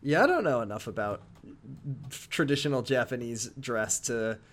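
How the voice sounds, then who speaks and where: A man co-hosting a casual chat about a video game, excitable and laughing often as he retells scenes. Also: medium pitch, moderate pace. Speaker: podcast co-host.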